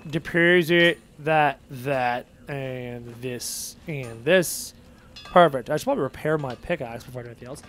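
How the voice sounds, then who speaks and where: A man's voice: mid-range voice, normal speed, a bit bright, slight background noise. A man streaming a game live, chatting and muttering to himself as he plays and reads chat aloud. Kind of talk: live gameplay commentary, reading chat aloud.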